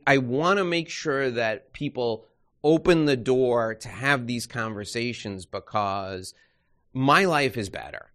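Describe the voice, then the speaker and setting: A man's voice: medium pitch, a bit bright. A man from New York hosting a podcast interview, talking in a casual, rambling way with many restarts and turning upbeat when he wraps up. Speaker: podcast host.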